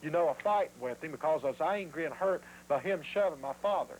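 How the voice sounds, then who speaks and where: A man's voice: fairly high pitch, expressive, brisk, darkish tone, a little hiss or hum, low-quality recording. A man telling his story in a documentary interview, acting out what others said. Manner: vivid retelling, acting out quoted voices.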